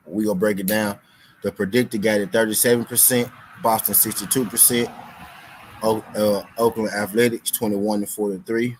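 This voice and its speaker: Man, young, low voice, slangy betting-show host, repeats himself, laid-back streaming chat. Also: a little hiss or hum, low-quality recording. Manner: loose, slangy, repeats lines for emphasis. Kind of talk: casual live-stream chat.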